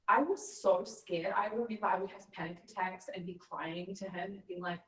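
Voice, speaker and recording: A woman's voice: fairly low pitch, moderate pace, few pauses, a bit bright, recorded from a distance. A woman telling a personal story in a casual chat, earnest and reflective. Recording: echoey room, voice a bit off-mic.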